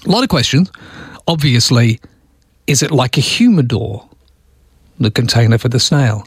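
A man's voice: mid-range voice, breathy edge, no echo, studio quality. A male radio host in a casual, amused chat, tossing out rhetorical questions.

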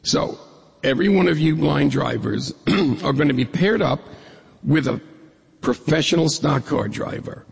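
Middle-aged male storyteller, very gravelly and husky, funny and lively, heard in an echoey hall. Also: on the high side, measured pace. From New York State. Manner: humorous, lively storyteller who acts out dialogue. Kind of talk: personal storytelling talk.

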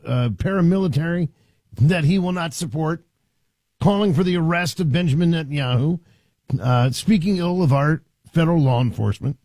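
Sarcastic talk radio guy, high lively voice, dry studio sound, middle-aged. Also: slightly rough, no room sound. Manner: sarcastic, mocking, conversational. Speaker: radio talk show host. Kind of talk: opinionated talk radio monologue.

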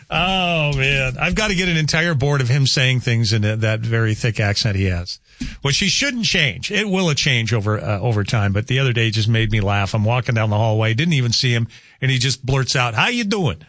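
A man's voice: mid-range voice, a little fast, a bit bright. A man hosting casual morning radio, rambling through weather and chatty asides in a studio. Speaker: radio host. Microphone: studio microphone.

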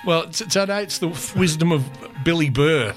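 Male radio host, slightly high voice, playful, music bed underneath. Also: moderate pace. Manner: playful, jumps into silly put-on voices and tongue twisters. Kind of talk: casual radio banter.

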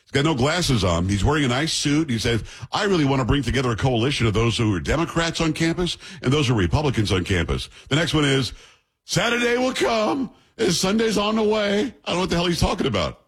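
Husky, blunt New man. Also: medium pitch, sing-song, fast talker. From New York. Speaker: show host and commentator. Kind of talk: political commentary.

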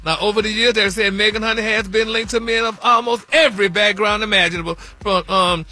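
A man's voice: sits high, fairly even intonation, fairly quick, sharp tone. A man hosting celebrity news on a radio show, sassy and gossipy, calling everyone honey and y'all. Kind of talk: gossipy casual talk radio.

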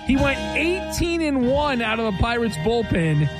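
A man's voice: extremely high pitch, very animated, moderate pace, over loud music. A man hosting a sports radio show, reading out listeners' answers and riffing on the news with wry, rambling banter. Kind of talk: casual sports talk.

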